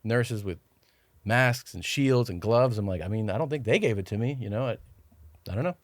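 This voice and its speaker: A man's voice: on the low side, expressive, moderate pace, no echo. Dry-sounding man telling rambling stories. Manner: rambling anecdotes, acting out what others said. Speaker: podcast guest. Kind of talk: casual storytelling chat.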